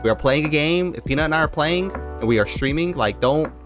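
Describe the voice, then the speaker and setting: A man's voice: on the high side, expressive, a little fast, music in the background. A young man streaming, rambling casually and talking straight to his chat.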